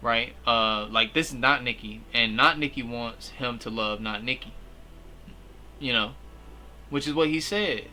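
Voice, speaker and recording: A young man giving a casual, slangy movie recap, animated and full of fillers. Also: medium pitch, a little slow, slight background noise. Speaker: movie reviewer.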